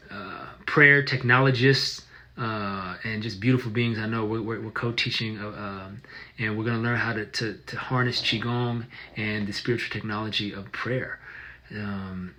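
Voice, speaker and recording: A man teaching casually on a livestream, easygoing and affectionate, with soft phrase endings and hesitant restarts. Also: lowish voice, poor audio. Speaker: qigong teacher.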